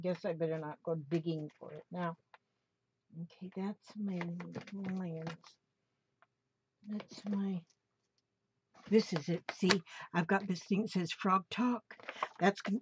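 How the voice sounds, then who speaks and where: On her crafting vlog, an older woman opens her mail in casual chat, gushing and gasping with delight at every item. Her voice is fairly low, and the dull lo-fi home recording carries slight background noise.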